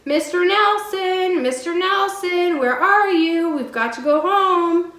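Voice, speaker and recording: A wild, cheerful young girl, put on by a woman reading a storybook aloud, loud and bossy. Her voice sits fairly high and rings out in an echoey room. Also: lively intonation, normal speed. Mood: shrieking.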